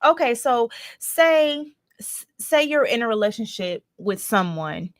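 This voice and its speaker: Earnest female talk-show co-host, higher pitch, emphatic and persuasive. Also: very animated, measured pace, no echo, clean studio sound. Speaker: podcast co-host. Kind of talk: casual discussion.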